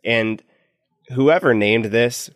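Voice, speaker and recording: A man's voice: mid-range voice, slow, no echo, studio quality. A man speaking as a clinician co-host on a medical teaching podcast, explaining in an opinionated way.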